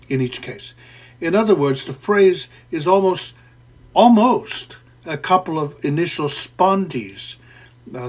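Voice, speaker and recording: A man giving a spoken close reading of a poem, deliberate and professorial, pausing often with "uh" and correcting himself as he explains. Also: on the high side. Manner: deliberate and professorial, with frequent "uh" fillers and self-corrections. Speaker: poetry lecturer. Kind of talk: spoken literary analysis.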